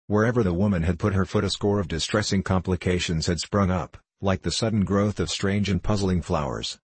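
A man narrates a novel in a steady, measured reading. His voice is very low and husky. The recording is close and dry. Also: no room sound. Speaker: audiobook narrator. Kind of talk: scripted narration.

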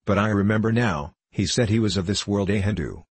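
A man reading the part of a calm, solemn old monk in a storybook. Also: fairly low pitch, a little fast, breathy edge, dry recording. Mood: serene.

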